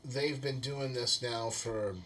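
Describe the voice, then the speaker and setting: A male sports podcast host talks in a casual, friendly way. He rambles and fills pauses often, in an ordinary mid-range voice. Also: medium pitch, fairly even intonation, a bit bright, a little hiss or hum. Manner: rambling, filler-heavy, friendly.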